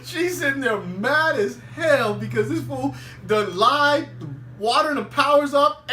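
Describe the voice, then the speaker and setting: A man hosting a podcast, giving a casual, animated recap of a TV episode, laughing often and acting out the characters' lines. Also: very high voice, recorded from a distance. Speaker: podcast host. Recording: roomy, away from the mic.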